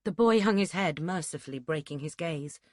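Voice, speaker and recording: A woman narrating an audiobook in a steady, measured reading. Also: low-pitched, dry recording, clean studio sound. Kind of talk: scripted narration.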